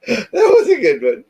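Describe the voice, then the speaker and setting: A man's voice: extremely high pitch, warm tone, husky, low-quality recording. A man co-hosting a casual talk show, throwing in dry, teasing quips. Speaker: co-host.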